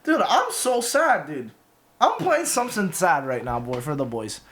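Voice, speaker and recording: A man's voice: on the high side, wildly swooping pitch, a little slow, fairly bright tone, a little hiss or hum. A man in his twenties streaming, dramatic and whiny, with an exaggerated mopey manner. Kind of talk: live stream reaction.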